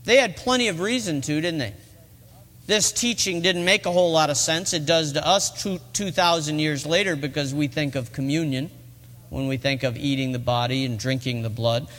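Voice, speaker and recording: A man's voice: on the high side, normal speed, fairly bright tone. A middle-aged man preaching a sermon in a church, telling the story earnestly and rising to emphatic peaks. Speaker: pastor. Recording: long reverb of a large hall.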